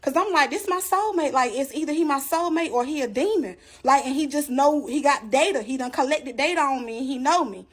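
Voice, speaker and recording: Woman telling her story to the camera, kinda high voice, lively and emphatic, talking right to y'all. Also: a little fast, few pauses. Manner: animated, emphatic, talks straight to the audience. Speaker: storyteller giving a testimony. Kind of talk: casual storytelling to viewers.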